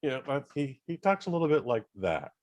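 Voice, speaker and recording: Brief: male podcast host, middle-pitched voice, loose rambling film-review chat, swears casually. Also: very animated, fairly quick, a little mellow. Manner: rambling, profane, jokey, many fillers and restarts.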